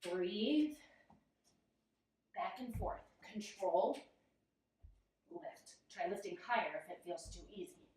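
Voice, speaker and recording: A woman's voice: mid-range voice, expressive, slow, long pauses, darkish tone, a little hiss or hum. A young woman teaching yoga while doing the poses, chatty and laughing at herself, out of breath as she moves. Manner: giggly, self-deprecating, chatty. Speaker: yoga instructor. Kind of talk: guided yoga instruction while demonstrating. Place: room, instructor moving on a mat. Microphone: camera mic at a distance. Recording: very echoey room, voice from far off.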